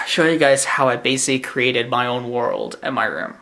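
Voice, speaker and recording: A man's voice: medium pitch, measured pace, sharp tone, roomy sound, far from the mic, a little hiss or hum. A teenage boy ranting sarcastically and indignantly into a camcorder in his bedroom. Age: teens. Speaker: vlogger. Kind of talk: ranting vlog. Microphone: camcorder mic.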